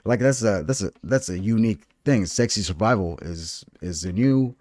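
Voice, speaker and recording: A young man with a low voice co-hosts a podcast in loose, joking chat. His delivery is rambling and relaxed, and the recording is dry with no room sound. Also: moderate pace, no echo. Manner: joking, rambling, says "man" and "dude" a lot. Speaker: podcast co-host. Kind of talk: casual chat.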